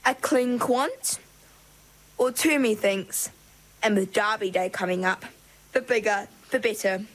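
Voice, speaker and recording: A woman doing a haughty grand mermaid from a storybook, imperious and sly. She coos her orders slowly, lifting her tone above a middling voice. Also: mid-range voice, close to an everyday voice, poor audio. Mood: gloating.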